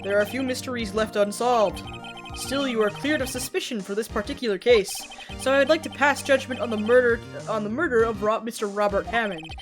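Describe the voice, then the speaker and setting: A stern judge, voiced by a woman reading a courtroom game aloud speaks formally and with command, at a somewhat high pitch. Faint music plays underneath. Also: a little fast, close to an everyday voice.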